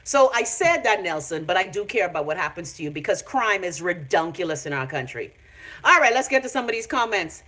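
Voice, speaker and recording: Bahamian woman, bright voice, brash profane rant, phone mic at home. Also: on the low side, big pitch swings, fairly quick. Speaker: vlogger. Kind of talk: casual ranting live stream.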